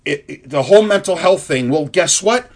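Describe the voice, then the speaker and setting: A man's voice: a little high, lively intonation, moderate pace. Angry profane man ranting. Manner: angry, profane, rambling with restarts; earnest and heartfelt. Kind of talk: impassioned ranting monologue.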